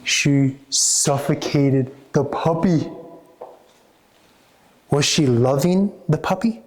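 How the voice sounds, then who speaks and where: A man, a therapist and coach, speaking earnestly to a small audience, halting with many restarts. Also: fairly high pitch.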